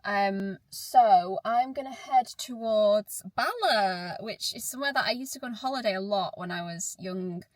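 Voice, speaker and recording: A woman's voice: mid-range voice, moderate pace, hardly any pauses. A woman vlogs from inside her car, chatting to a handheld camera. Her talk is loose and chatty, and she often breaks into laughter as she thinks aloud. Her mid-range voice sounds dry and close, with no room echo. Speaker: vlogger. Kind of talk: casual vlog to camera.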